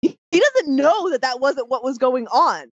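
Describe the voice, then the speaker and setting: A woman's voice: sits high, big pitch swings, moderate pace, no room sound. A woman co-hosting a podcast in casual chat, blunt and mocking, cutting in often. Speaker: podcast co-host. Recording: dry, slightly dull lo-fi audio.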